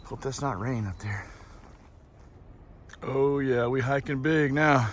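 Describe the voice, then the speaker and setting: Strolling a coastal hiking trail, a man casually rambles and chats to the camera he's filming with. His voice is medium in pitch, he takes things slowly, and there's slight background noise.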